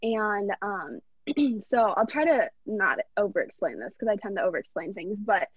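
Young adult woman, podcast guest, mid-pitched voice, earnest and rambling as she shares a story, muffled dry sound. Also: big pitch swings, normal speed, breathy edge, no room sound. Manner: earnest, rambling, heartfelt retelling. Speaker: podcast guest, college athlete. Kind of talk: casual personal storytelling. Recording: dull, dry lo-fi recording.

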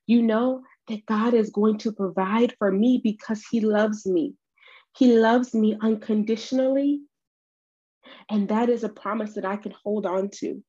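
A woman hosting a devotional podcast, speaking slowly and earnestly straight to the listener with encouragement. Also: a little high, mellow, lo-fi sound. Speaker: podcast host.

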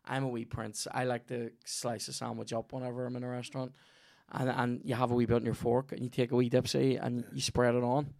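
A man's voice: medium pitch, level tone, a little fast, gravelly, a little mellow, no room sound. A Northern Irish man hosting a podcast, rambling through a profane, jokey sponsor read. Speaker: podcast host. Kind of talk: sweary comedic ad read.

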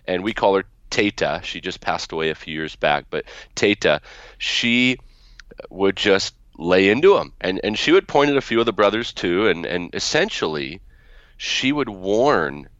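Very deep-voiced man telling family stories. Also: very animated, moderate pace, fairly bright tone, dry recording, lo-fi sound. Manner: chatty, many restarts. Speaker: guest, author. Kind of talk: interview storytelling.

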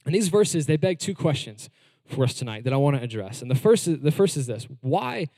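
A man with a fairly high voice preaches a sermon in a casual, talky way, slowing down to stress key words. His voice is close and dry on the mic, but a long hall reverb trails behind it. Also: big pitch swings, warm tone. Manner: conversational preaching with varied emphasis and slow stresses. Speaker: pastor.

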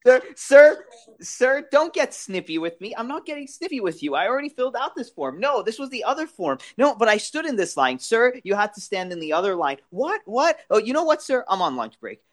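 A podcast panelist doing a comic bit as a snippy, dismissive government office clerk, in a rapid, exasperated back-and-forth. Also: medium pitch, sing-song, pitched above the performer's own voice, lightly acted. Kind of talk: comedic impression of a cartoon scene.

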